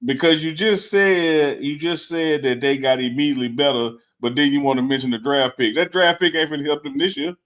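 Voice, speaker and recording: A man's voice: on the high side, a little fast, few pauses, a bit bright. A man co-hosting a live sports talk stream, teasing his partner and repeating his points for emphasis. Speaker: co-host. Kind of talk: casual sports debate. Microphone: live stream setup.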